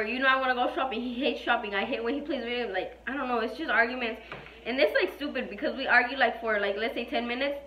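A young woman chats to her viewers in a loose, rambling way, with plenty of fillers and swearing. Her voice sits a little high. The sound is muffled and lo-fi, with the echo of a bare room around her. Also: a little hiss or hum. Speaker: vlogger. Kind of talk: casual chat. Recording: echoey room, dull lo-fi sound.

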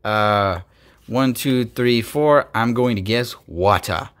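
A man hosting a casual card-opening video, excitable, swinging from quiet muttering to loud bursts, his voice going hoarse. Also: medium pitch, takes it slowly. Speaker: YouTube host opening trading cards.

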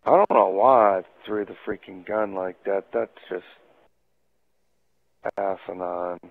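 A man's voice: deep voice, unhurried, dry recording. A man telling a casual anecdote in a profane way, laughing as he goes. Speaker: storyteller. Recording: tinny phone-like audio.

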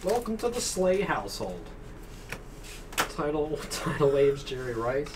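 A man hosts a card break, rattling off teams and cards with a jokey, easygoing patter. He sits back from the microphone, so he sounds distant. A clear hum of room noise runs behind him. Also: fairly high pitch, sing-song, unhurried. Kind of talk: casual live card-break chat. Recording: distant mic with noisy room.

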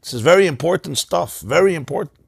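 Man, rabbi, Torah class, passionate, animated, raspy voice, swooping pitch. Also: fast, no room sound, clean studio sound. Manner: passionate, animated, often laughs mid-sentence. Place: study hall in front of a class.

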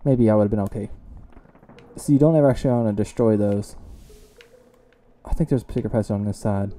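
Casual let's-play host, young man, warm dark tone, self-deprecating banter over soft game music. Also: fairly low pitch. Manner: chatty, self-mocking, reacts loudly to close calls. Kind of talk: casual gameplay commentary.

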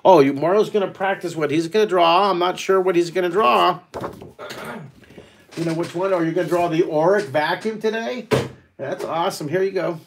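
A man hosting a live online drawing lesson, talking excitedly and rambling as he draws and makes up a story. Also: sits high, moderate pace, creaky, background noise.

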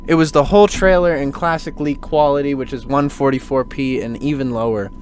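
A man hosting a casual podcast chat, animated and ranting, swearing freely. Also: medium pitch, brisk, a little hiss or hum. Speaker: podcast host.

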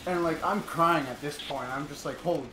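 A man's voice: a little high, normal speed, sharp tone, slight background noise. A young man telling a profane, laugh-filled story while playing a video game. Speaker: gaming channel co-host. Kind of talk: casual storytelling over gameplay. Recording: echoey room with game music. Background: video game music.

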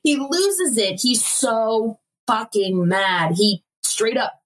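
A woman's voice: fairly high pitch, takes it slowly, a little hiss or hum. A woman co-hosting a podcast, animatedly retelling an episode with laughs and acted-out quotes. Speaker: podcast co-host. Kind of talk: casual recap chat.

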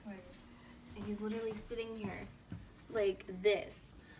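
A woman's voice: medium pitch, moderate pace, background noise. A woman vlogging at home about family life, casually chatting and laughing as she tells stories to the camera. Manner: animated, laughs often while telling a story. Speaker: vlogger and mother. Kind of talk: casual family vlog chat. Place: home, at the dinner table.

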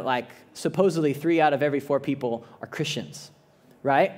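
A male pastor delivers a sermon in an earnest, conversational way, often doubling back on his words. His voice sits fairly high for a man. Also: normal speed. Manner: earnest, conversational preaching with frequent restarts.

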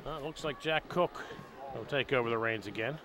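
A man calling play-by-play for a high school football game in a measured, steady way, recorded at an outdoor stadium. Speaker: play-by-play announcer. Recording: outdoor stadium noise behind the voice.

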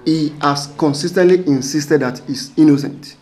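A man's voice: on the high side, moderate pace, a little mellow, roomy sound, close to an everyday voice. A man playing a stern police officer who speaks firmly and plainly.

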